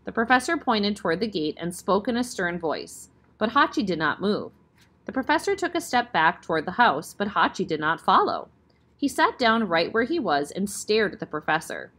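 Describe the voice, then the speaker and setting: A woman reads a children's chapter book aloud in calm storytelling narration. Her voice is lively in pitch, with plenty of rise and fall. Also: moderate pace.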